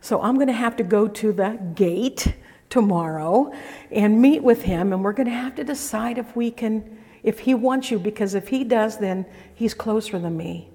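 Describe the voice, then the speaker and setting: A woman's voice: mid-range voice, normal speed, dark tone, close to an everyday voice. A woman preacher voicing an older unmarried man, a kindly landowner who speaks in a folksy, good-natured way. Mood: flattered. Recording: echoey hall reverb.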